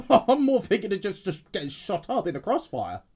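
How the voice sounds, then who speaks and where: A man co-hosting a podcast, expressive and sweary in casual chat. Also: sits high, normal speed, slightly rough. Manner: expressive, swears freely, blurts exclamations. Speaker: podcast co-host.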